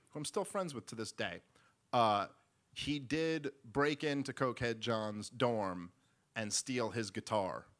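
A man telling a long comic story on stage, rambling and acting out the voices of the people in it. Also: mid-range voice. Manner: rambling, animated, acts out voices. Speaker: stand-up comedian. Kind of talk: stand-up storytelling. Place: live event stage.

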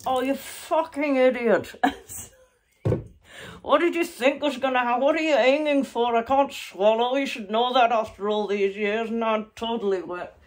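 A woman's voice: lowish voice, unhurried, natural voice. A woman doing ventriloquism, voicing a crude, cheeky male monkey puppet who sulks and swears. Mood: indignant. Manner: foul-mouthed, sulky, needling.

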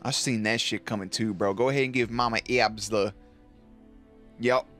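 A man's voice: on the low side, moderate pace, long pauses, faint music behind. A man hosting a reaction video, talking casually and profanely and cheering on the action. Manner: excitable, profane, cheers the screen on.

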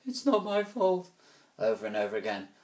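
A man's voice: lowish voice, huge pitch swings, moderate pace, a little mellow. A man voicing a weary mother who fusses and grumbles about chores. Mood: grumbling. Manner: grumbling, fussing. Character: harried mother, weary and complaining.

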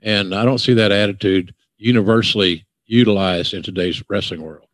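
A man's voice: on the low side, normal speed, a bit bright, no room sound. An older man with a Southern accent, hosting a podcast and ranting bluntly with profanity. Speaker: podcast host. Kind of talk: casual podcast chat.

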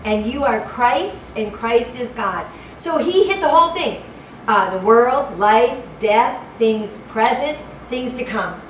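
A woman's voice: on the high side, expressive, slow pace. Fervent woman preaching in an echoey hall. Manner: fervent, repeats phrases, fumbles for verses. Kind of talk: sermon. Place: church hall. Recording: echoey hall, distant mic, background noise.

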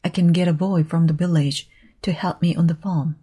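Woman voicing a shy gentle old farmer. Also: on the low side, fairly even intonation, fairly quick, husky. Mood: hesitant. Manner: gentle, hesitant, soft-spoken.

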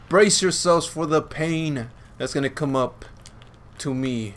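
A man giving playful, teasing commentary over his own gameplay, laughing often and breaking into excited yells. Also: fairly high pitch, measured pace, slight background noise.

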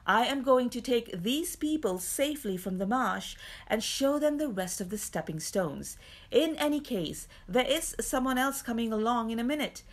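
A woman voicing an honest man who guides lost travellers across a marsh by lantern, speaking calmly and firmly. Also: on the high side, normal speed, voice pushed up. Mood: steady.

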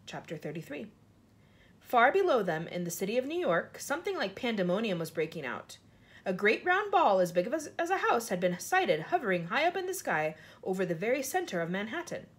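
A woman reading a children's storybook aloud, jumping her pitch up high for the characters' lines. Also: very animated, brisk, husky. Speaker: reader of a children's book.

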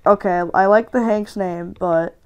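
A woman hosting a gaming channel and giving live, excitable commentary while she plays, often ranting and shouting in frustration. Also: medium pitch, measured pace, clean tone, lo-fi sound.

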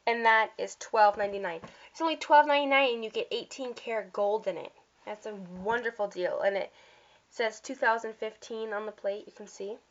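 A vlogger speaks fairly quickly in a voice on the high side, chatting casually through a catalog of holiday items. She gushes, uses fillers, and makes little slips, all captured in dull lo-fi sound.

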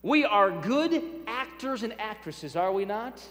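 High-voiced pastor preaching in a hall. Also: male voice, lively intonation, unhurried, fairly bright tone. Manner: emphatic, repeats key phrases for effect; addresses congregation directly, light humor. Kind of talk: sermon. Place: church sanctuary. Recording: reverberant church hall.

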